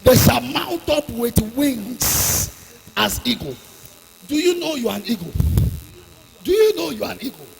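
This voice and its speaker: A man's voice: very high voice, big pitch swings, a little slow, creaky, pauses often. A man preaching a fervent sermon, repeating his lines for emphasis, recorded in a long hall reverb. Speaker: pastor.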